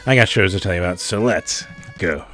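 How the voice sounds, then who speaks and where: A man hosting a casual show about local music, excited, swearing often and laughing between thoughts. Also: deep voice, a little fast. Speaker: host. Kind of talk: casual podcast chat. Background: music underneath.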